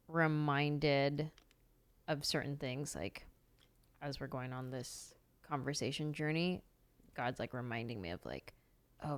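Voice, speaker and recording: A middle-aged woman hosting a podcast, reflecting thoughtfully and answering with soft affirmations. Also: rumbling low. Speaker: podcast host. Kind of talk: conversational podcast interview.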